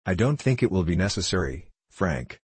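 A man's voice: very animated, moderate pace, husky, dry recording, full character voice. A man reading a frail dying mother. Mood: weak, anxious. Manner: low, weak voice.

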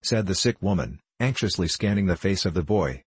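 Deep husky male audiobook narrator. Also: lively intonation, fairly quick, no echo. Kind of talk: scripted narration.

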